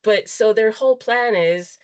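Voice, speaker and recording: A woman's voice: on the high side, measured pace, lo-fi sound. A middle-aged woman, co-hosting a casual chat podcast and telling stories animatedly. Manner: animated storyteller who acts out other people's lines. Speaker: podcast co-host.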